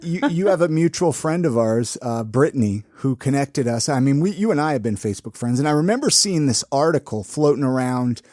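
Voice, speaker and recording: Mellow man co-hosting a podcast. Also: mid-range voice, expressive, a little fast, hardly any pauses, no room sound, studio quality. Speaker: podcast co-host. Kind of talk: casual chat.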